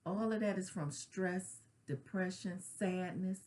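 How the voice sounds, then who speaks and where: A grief counselor sharing her own loss, this middle-aged woman speaks earnestly in a fairly low, slightly slow, mellow voice. Her personal reflection is conversational, with casual slang and frequent "right?" check-ins.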